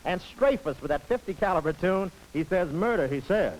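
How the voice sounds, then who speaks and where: A man hosting a 1940s radio variety show before a live audience, with brisk wisecracking emcee patter. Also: high voice, expressive, very noisy.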